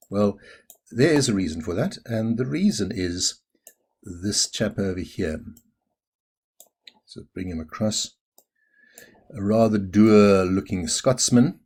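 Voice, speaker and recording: A middle-aged man teaching maths in a recorded lesson. His voice sits low and has a slightly husky edge. He talks casually and pokes a little fun at himself while he works through each step of the calculation. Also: darkish tone. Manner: chatty, self-deprecating, explains step by step.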